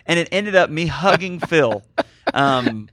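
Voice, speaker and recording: A male podcast host in casual chat who drifts from story to story and keeps apologizing along the way. His voice sits a bit high with a sharp, bright edge, and it sounds dry and close. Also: measured pace, no room sound. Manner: rambling, excitable, apologetic storytelling.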